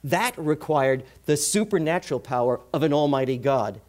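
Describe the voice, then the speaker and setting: A man's voice: a little high, normal speed. Man preaching a sermon, voice swings up and down a lot, fires questions at the crowd. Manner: animated, asks the congregation rhetorical questions.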